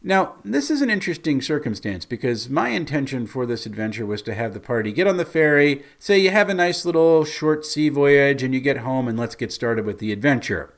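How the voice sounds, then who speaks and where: Man, game master, chatty recap of a campaign, amused, mid-pitched voice. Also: big pitch swings, brisk, few pauses. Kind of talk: recounting a tabletop game session.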